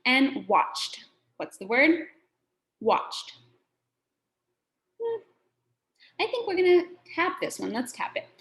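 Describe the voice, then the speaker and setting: A woman teaching a children's phonics lesson, sounding out words slowly and patiently. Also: high voice, very animated, a bit bright.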